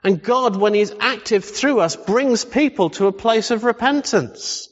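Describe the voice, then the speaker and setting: A man's voice: high-pitched, measured pace. A man preaching a sermon, emphatic and full of rhetorical questions. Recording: echoey hall, slightly dull sound.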